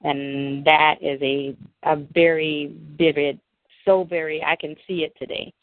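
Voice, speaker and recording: A woman tells a childhood story in a fairly low voice, slipping into other people's voices as she quotes them. The sound is dry and tinny, like a phone line. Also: a little slow, no room sound. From New Orleans, USA. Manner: animated, acts out quoted people in raised voices. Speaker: interviewee. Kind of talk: personal storytelling in an interview.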